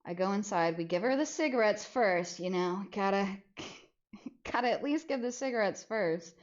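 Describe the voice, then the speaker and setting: A young adult woman streamer telling a story in casual chat, animated and often laughing as she goes. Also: mid-range voice, normal speed, highs cut off. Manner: animated, laughs through the story, frequent restarts.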